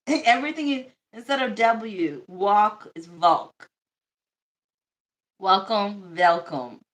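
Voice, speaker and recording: Slow-talking joking woman livestreamer. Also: medium pitch. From United States. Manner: laughs often, swears freely, blunt and joking. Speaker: livestream host. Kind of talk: casual livestream chat.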